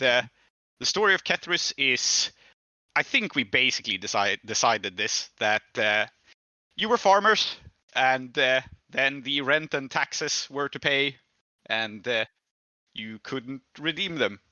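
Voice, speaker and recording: A man's voice: mid-range voice, lively intonation, slow, sharp tone, no room sound. A man hosting and running a tabletop game in casual chat, chuckling often and using lots of fillers. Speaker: game master and host.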